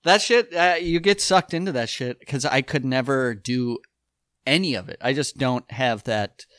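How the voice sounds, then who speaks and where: A man chatting casually as a podcast host, telling rambling, animated stories full of fillers. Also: medium pitch, moderate pace, dry recording, clean studio sound. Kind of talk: casual chat.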